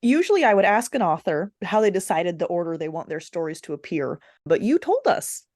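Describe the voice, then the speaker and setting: A woman's voice: fairly low pitch, big pitch swings, fairly quick, a little mellow. A woman hosting a podcast interview, asking a guest author questions. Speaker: podcast host.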